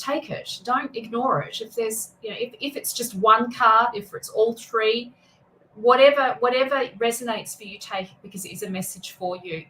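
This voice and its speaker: A chatty woman reading tarot live for her viewers, her voice sitting at an ordinary middle pitch. She greets people by name and restarts her sentences as she goes, with a faint hiss of noise behind her. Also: pushed and bright, rough recording. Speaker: tarot reader and spiritual mentor. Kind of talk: casual livestream chat.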